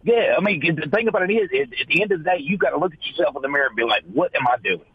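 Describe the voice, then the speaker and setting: A man co-hosting a political talk radio show, animated, mocking and rambling. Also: fairly high pitch, rapid-fire, breathy edge, dry recording, phone-quality sound.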